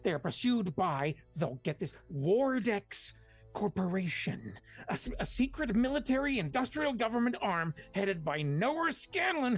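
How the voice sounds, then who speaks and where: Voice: mid-range voice, husky, pitched above the performer's own voice, full character voice. A podcast host putting on a hyperactive conspiracy theorist voice, insistent and breathless, for a film synopsis. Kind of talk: podcast banter.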